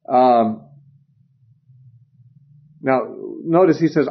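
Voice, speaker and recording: Male Bible teacher, conversational lecture style, husky tone, muffled lo-fi recording. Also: mid-range voice, normal speed. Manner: conversational, with fillers and asides.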